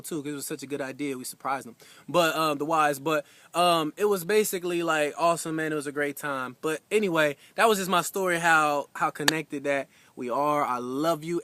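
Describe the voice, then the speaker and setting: A young man giving a heartfelt anniversary message to his wife, telling a story casually with lots of fillers and animated retellings. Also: fairly high pitch, no room sound.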